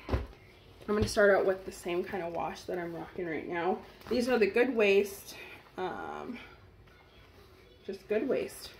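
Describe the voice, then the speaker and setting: A woman's voice: medium pitch, slight background noise. A young woman vlogger chatting casually to her viewers as she tries on clothes at home, gushing and talking straight to camera. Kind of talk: casual try-on haul chat.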